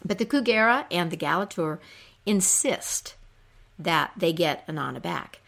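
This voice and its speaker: A woman's voice: on the low side, lively intonation, gravelly, fairly bright tone. A woman retelling a myth in a casual, conversational storytelling style. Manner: unhurried, conversational.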